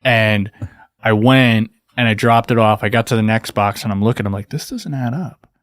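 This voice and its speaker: Man, podcast host, casual chat, animated storytelling, dry close sound. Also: lowish voice, normal speed, clean tone, dry recording. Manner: animated storyteller, acts out angry quotes, swears, laughs often. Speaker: podcast host, former mail carrier.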